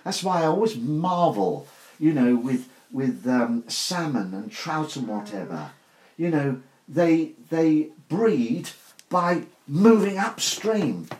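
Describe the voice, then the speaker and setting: A man's voice: a little high, very animated, slow, darkish tone. An older man preaching an informal sermon to a small group, earnest and emphatic, asking rhetorical questions. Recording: roomy echo.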